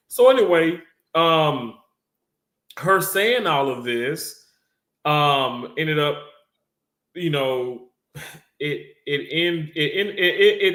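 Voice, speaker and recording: A man's voice: medium pitch, a bit bright, reverberant. A young man telling a rambling workplace story to his viewers, laughing often and acting out the voices of the people he quotes. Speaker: storyteller recounting a workplace incident.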